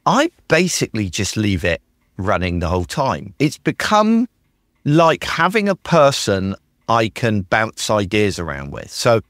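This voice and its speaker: A British man with a lowish voice hosts a podcast, speaking unhurriedly in a casual, enthusiastic, animated way. He plays out the prompts he types to his tools, captured in studio quality with no echo.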